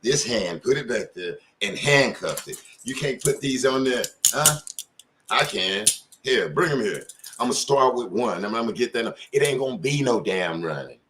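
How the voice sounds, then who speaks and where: A man's voice: mid-range voice, expressive, normal speed, background noise. Middle-aged male host, impassioned informal commentary, keeps asking pointed questions. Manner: informal street talk. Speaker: channel host. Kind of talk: casual commentary to camera.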